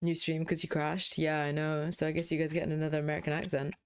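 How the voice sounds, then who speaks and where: A woman's voice: deep voice, level tone, fast talker, clear, resonant tone. A young woman streamer chatting casually and playfully while playing a game, swearing freely. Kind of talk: casual live-stream chat while gaming.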